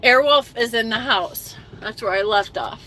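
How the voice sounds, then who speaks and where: A woman's voice: fairly high pitch, measured pace, bright, forceful tone, poor audio. A middle-aged woman chatting emphatically on a livestream, reading viewer comments aloud, emotional after crying. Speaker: trucking livestreamer reading chat. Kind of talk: casual livestream chat.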